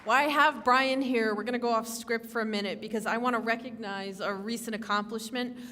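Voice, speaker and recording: A woman's voice: fairly high pitch, steady tone, a little fast, sharp tone. A woman presenting at a ceremony, making formal announcements and calling people forward. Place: large hall. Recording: reverberant hall, faint background noise.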